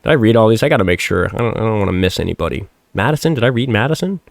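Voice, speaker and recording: A man from Minnesota hosting a livestream talk show, swearing a lot, yelling at a caller and then mumbling through donation messages, his voice hoarse from shouting. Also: animated, very fast, no room sound, clean studio sound. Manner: profane, combative yelling then low mumbling. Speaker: show host.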